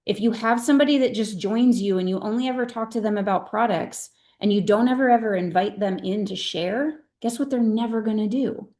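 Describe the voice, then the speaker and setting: A woman's voice: medium pitch, brisk, hardly any pauses, darkish tone. A middle-aged woman leading her sales team on a video call, speaking in an earnest, emphatic and heartfelt way. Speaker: direct-sales team leader.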